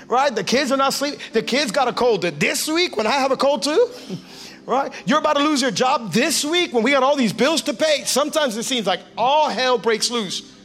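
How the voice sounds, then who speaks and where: A male pastor preaching a lively sermon, acting out everyday scenes and calling on the congregation to respond. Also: very high voice, moderate pace. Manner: animated, acts out everyday scenes and voices; calls for audience response.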